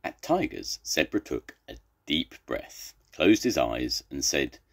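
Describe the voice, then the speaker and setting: An older man reading a children's picture book aloud in an animated, expressive way. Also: extremely low pitch, slow pace. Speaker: storyteller.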